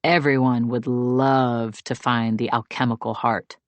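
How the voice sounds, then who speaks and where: A woman's voice: extremely low pitch, fairly even intonation, unhurried, dry recording, voice pushed down. A woman reading an audiobook, voicing a blunt young man who answers curtly and dismissively. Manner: curt, dismissive.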